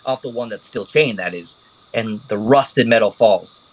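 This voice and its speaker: A man narrating a tabletop game as game master, animated and casual, swearing freely. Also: fairly low pitch, moderate pace, low-quality recording.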